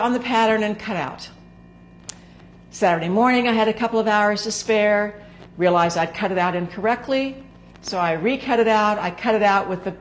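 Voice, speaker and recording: A woman hosting a sewing show, talking casually to the camera in a hoarse, gravelly voice, chatty and rambling with filler words. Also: medium pitch, slight background noise. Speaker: sewing instructor and show host.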